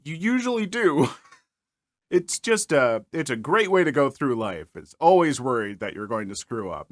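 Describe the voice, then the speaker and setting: A man's voice: fairly high pitch, a bit bright, no echo, clean studio sound. A man hosting a podcast, reading online stories aloud and breaking off for playful, self-mocking asides.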